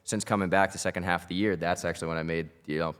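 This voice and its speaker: A Canadian man with a very deep voice talks quickly and candidly. He recounts his story in a casual roundtable chat, and a long studio reverb hangs behind him. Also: steady tone, fairly bright tone, smooth. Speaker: trader and educator.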